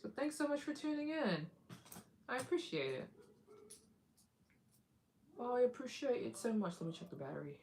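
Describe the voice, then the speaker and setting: A woman's voice: fairly high pitch, moderate pace, gravelly, pauses often, slight background noise. Chatty, giggly woman live-streaming. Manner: animated, giggly, acts out other people's lines in voices; chatty, addresses viewers directly. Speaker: travel vlogger, live stream host. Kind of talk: casual live-stream chat.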